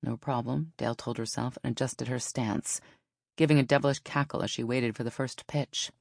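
A woman narrating a novel in an even storytelling manner. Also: rumbling low, fairly quick, no room sound, studio quality. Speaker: audiobook narrator. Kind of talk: scripted narration.

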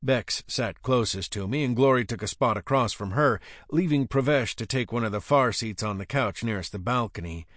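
A man's voice: medium pitch, moderate pace, few pauses, a bit bright, no echo, studio quality. A man reading an audiobook aloud, narrating with a wry, sardonic manner. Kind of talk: scripted narration.

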